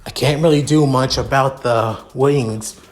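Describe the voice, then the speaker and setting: A man voicing a cool, blunt young prince who talks in a dry, matter-of-fact, rushed way. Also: medium pitch, close to an everyday voice.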